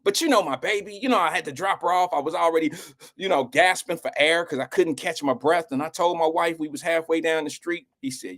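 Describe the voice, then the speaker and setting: A man's voice: fairly high pitch, animated, moderate pace. A middle-aged man hosting a live show, telling a rambling, slangy and emotional story in casual talk.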